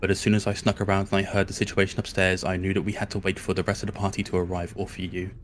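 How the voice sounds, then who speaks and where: A man playing a tabletop game, speaking in a polite, measured way in character. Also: low voice, little pitch movement, a little hiss or hum. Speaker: player.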